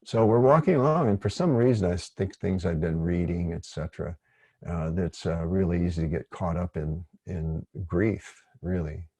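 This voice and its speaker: A man leading an online workshop, speaking in a gentle, rambling, digressive way. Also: low voice, steady tone, moderate pace, husky, no room sound. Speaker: workshop facilitator.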